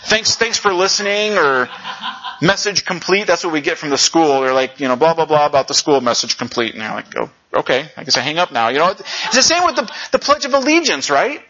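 A male pastor preaching a conversational sermon, often saying "you know" and jumping up in pitch for emphasis. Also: lively intonation, a little fast, pushed and bright. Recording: lo-fi dull sound.

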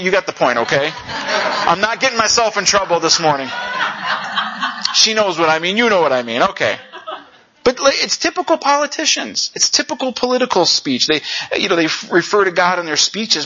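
A male pastor preaching a conversational sermon, often saying "you know" and jumping up in pitch for emphasis. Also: sharp tone. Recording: lo-fi dull sound.

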